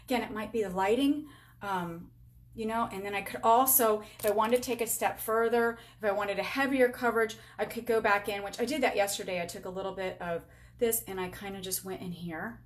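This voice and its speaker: A beauty sales rep in her forties talks a little fast in a mid-range voice during a casual live-stream makeup tutorial. Upbeat and chatty, she teases herself and addresses her viewers and herself as she works, filmed on a camera with a halo light.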